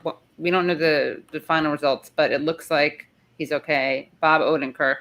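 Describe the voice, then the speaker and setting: A woman's voice: sits low, steady tone, normal speed, a bit bright. A woman hosting a live chat show, talking casually, rambling and interrupting herself, and saying she is tired. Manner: chatty, rambling, self-interrupting. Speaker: show host. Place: in the city, not her usual spot.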